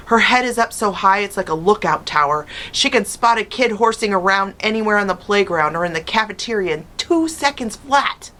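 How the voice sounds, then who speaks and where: A woman teacher reads a children's chapter book aloud, telling the story in an expressive first person. Her voice sits on the low side but sounds bright and crisp. She keeps the story moving.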